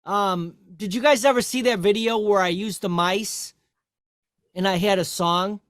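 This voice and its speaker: A man's voice: sits high, fairly even intonation, measured pace, a bit bright, no echo, studio quality. A man who runs the sound board, chatting in a matter-of-fact, technical way. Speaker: show producer running the sound board. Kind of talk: casual chat.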